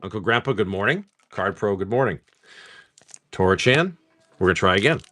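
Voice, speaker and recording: A man narrates his card pulls on a live stream in loose, swear-laced chat, breaking off to laugh about movies. His pitch swings lively and expressive. The sound is dry and close to the mic. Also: brisk, dry recording. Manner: loose and profane, laughing, quoting comedy films. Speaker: card-opening stream host. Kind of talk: casual live pack-opening chat.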